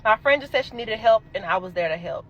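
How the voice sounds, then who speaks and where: A young adult woman telling a casual storytime, animated and emphatic, swearing freely. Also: medium pitch, quick pace, lo-fi sound.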